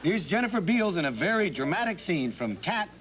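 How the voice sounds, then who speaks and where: An excitable talk-show host. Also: male voice, high-pitched, brisk. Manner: lively, laughing, keeps calming a rowdy audience. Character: fast-talking male talk-show host, excitable showman. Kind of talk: sketch comedy talk-show bit. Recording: loud studio audience noise.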